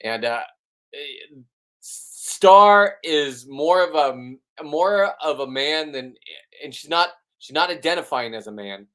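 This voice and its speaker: A man's voice: a little high, animated, slow pace, sharp tone. A middle-aged man hosting a fishing vlog from a boat, talking in a brash, boastful, profane way. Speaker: fishing channel host. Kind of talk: casual boastful commentary.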